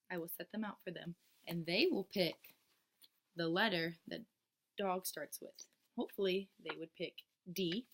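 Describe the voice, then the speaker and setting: Speaking to camera, a teacher of young children walks through her lesson plan steadily, stopping for ums and restarts. Her fairly low voice carries a little hiss or hum, and she turns bright and singsong whenever she quotes herself talking to kids.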